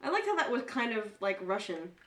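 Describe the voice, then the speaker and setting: A woman co-hosting a podcast, chatting casually and swearing freely as she retells scenes with lively energy. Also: mid-range voice, brisk, distant mic. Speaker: podcast co-host. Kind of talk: casual chat. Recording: echoey room, off-mic.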